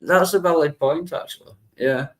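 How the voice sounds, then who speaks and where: A man's voice: fairly high pitch, moderate pace. A man hosting a livestream in casual chat, joking, laughing often and swearing. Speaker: livestream host.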